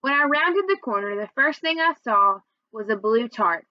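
A woman teacher reading a children's novel aloud, pausing on fillers as she recaps and then reading on evenly. Her voice is fairly high. The recording is dry and a little dull. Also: animated, no echo. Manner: recaps with many fillers, then reads steadily.

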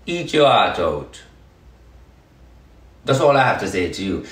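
A man's voice: lowish voice, big pitch swings, measured pace, pauses often, a bit bright, echoey room, distant mic. A man with a Jamaican accent giving a defiant, repetitive live-stream address to his followers.

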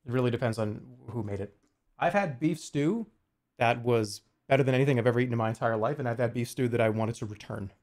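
A man's voice: medium pitch, quick pace, darkish tone. A man streaming casually, joking and swearing freely, arguing with his chat and muttering while he works on a jigsaw puzzle.

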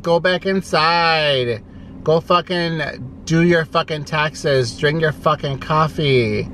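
A man's voice: on the high side, bright, forceful tone, slight background noise. A man vlogging from inside his parked car, ranting in a profane, sassy, exasperated way. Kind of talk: ranting vlog.

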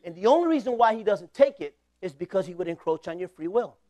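Man, 40s, pastor, high voice, fervent sermon with call-and-response. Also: expressive, fast talker, warm tone. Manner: impassioned preaching with call-and-response.

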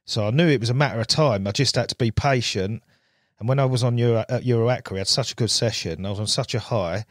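A man's voice: medium pitch, quick pace, dry recording, studio quality. A man, a guest on a podcast, telling stories in casual chat and laughing often. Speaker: guest angler. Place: podcast studio.

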